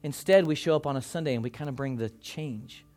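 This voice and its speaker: A pastor preaching a sermon to his congregation, impassioned and swinging from loud calls down to hushed near-whispers. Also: medium pitch, a little fast, faint music behind. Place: church service before a congregation.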